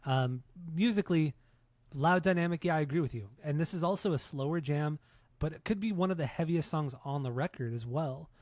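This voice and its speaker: A man's voice: on the high side, a little fast, a little mellow, no room sound. A man co-hosting a podcast, earnest and opinionated, with the odd curse word. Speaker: podcast co-host. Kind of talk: casual podcast chat.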